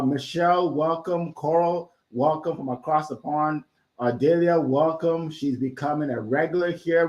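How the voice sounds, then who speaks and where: A man hosting a live online panel over a video call, greeting viewers energetically with lots of fillers. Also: a little high. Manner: energetic, filler-heavy welcomes. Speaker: host.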